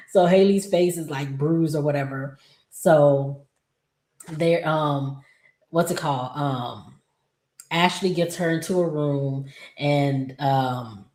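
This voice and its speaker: A woman's voice: low-pitched, a little mellow, reverberant. A woman giving a casual, chatty recap of a soap opera episode, with exasperated asides to the characters.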